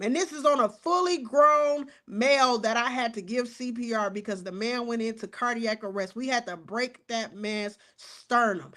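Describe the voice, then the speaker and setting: Fired-up outspoken woman commentator. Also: fairly high pitch. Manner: animated, outspoken, cusses and addresses viewers as y'all. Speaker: true crime commentator.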